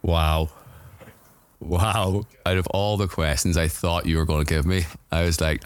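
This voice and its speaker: A man's voice: low-pitched, little pitch movement, unhurried, faint music behind. A man as a podcast guest, chatting in an easygoing way and laughing along. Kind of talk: casual chat.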